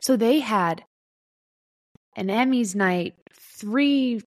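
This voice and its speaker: A woman's voice: fairly high pitch, drawn-out words, a little mellow, no room sound, clean studio sound. A woman co-hosting a podcast, talking casually about television shows. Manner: playful, mock acceptance speech. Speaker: podcast co-host. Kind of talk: casual chat.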